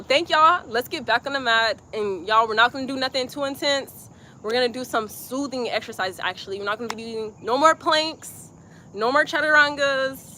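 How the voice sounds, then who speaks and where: A young woman from Georgia, leading a live-streamed yoga class with soft, slow breathing cues and chatty asides. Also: fairly high pitch, a little hiss or hum. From Georgia, USA. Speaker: yoga instructor.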